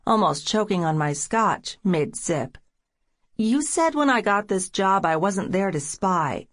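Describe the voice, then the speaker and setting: A woman narrating a first-person romance audiobook in a wry, sardonic way. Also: mid-range voice.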